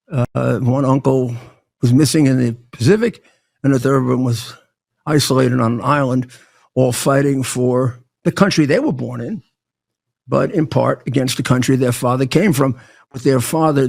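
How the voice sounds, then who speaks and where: Gravelly older man, halting. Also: medium pitch. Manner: halting, with many restarts and stammered words. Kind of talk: casual spoken monologue.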